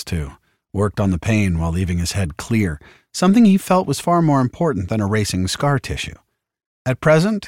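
A man's voice: fairly low pitch, a little mellow, no echo, studio quality. A man reading an audiobook chapter in a wry, sardonic storytelling manner. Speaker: audiobook narrator. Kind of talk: scripted audiobook narration.

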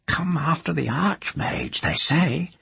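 A man's voice: fairly high pitch, slow, creaky, sharp tone, husky, no room sound, pitched above the performer's own voice, exaggerated voice. A man voicing a sly, nosy old village witch who whispers dramatically. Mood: whispering.

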